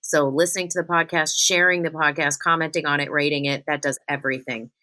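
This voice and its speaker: A woman with a low voice hosts a solo spiritual podcast. She talks straight to her listeners, earnest and encouraging. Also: fairly even intonation, fast, sharp tone. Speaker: podcast host, spiritual medium.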